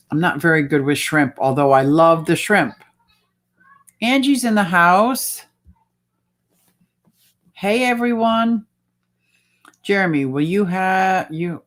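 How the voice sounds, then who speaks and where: A woman's voice: sits low, lively intonation, takes it slowly, long pauses. A woman hosting a casual livestream, chatting and reading out viewer comments. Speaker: livestream host.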